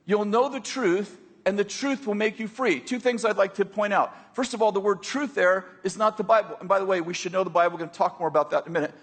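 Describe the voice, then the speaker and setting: Male preacher, sermon, high voice, husky, conversational, joking asides. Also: fairly even intonation, fast talker, few pauses, in a large hall. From United States. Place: church hall with a congregation.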